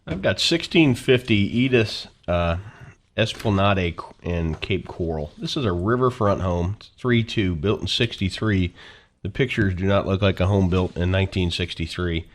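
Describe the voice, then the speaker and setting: A man on a radio real estate show describing listings in a relaxed, folksy way. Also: deep voice, moderate pace. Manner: relaxed, folksy sales talk. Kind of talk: casual radio talk show.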